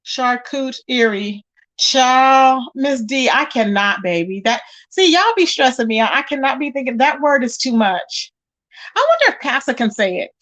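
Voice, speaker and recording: High-pitched woman host, lively chatty stream talk, greets viewers warmly by name. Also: normal speed. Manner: animated, chatty, calls viewers "child" and "baby". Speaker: livestream host reading chat. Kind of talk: casual chat.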